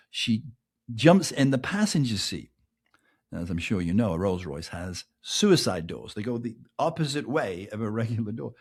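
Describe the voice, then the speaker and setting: A middle-aged man with an English accent hosting a podcast, telling a long personal anecdote in a lively way and often asking "right?". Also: medium pitch, breathy edge. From England. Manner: animated anecdote telling, keeps adding "right?", laughs between lines. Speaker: podcast host. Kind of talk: casual storytelling monologue.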